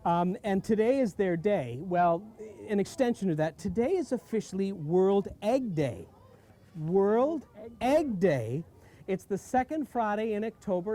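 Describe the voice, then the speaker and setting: A man's voice: high-pitched, dark tone. A man hosting a live stream outdoors on a farm, chatty and full of exclamations. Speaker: host. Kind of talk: live-streamed casual chat.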